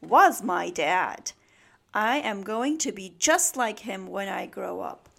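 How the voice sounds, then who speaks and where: A woman's voice: mid-range voice, expressive, takes it slowly, pushed and bright, full character voice. A woman voicing Max, a cheerful young male animal friend in a storybook. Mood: chirpy. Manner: chirpy, proud.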